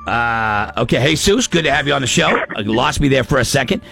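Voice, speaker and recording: A man hosting a radio morning show, bantering with callers in an exclamatory, quick-reacting way. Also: mid-range voice, animated, vocal fry, bright, forceful tone. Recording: radio studio with music bed.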